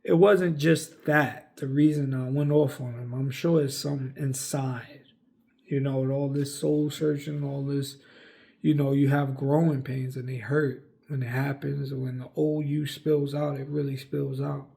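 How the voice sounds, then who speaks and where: Gravelly young man telling a story. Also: medium pitch, level tone, measured pace, dark tone. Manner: rambling, frequent fillers, cursing. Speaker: vlogger. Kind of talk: casual storytelling.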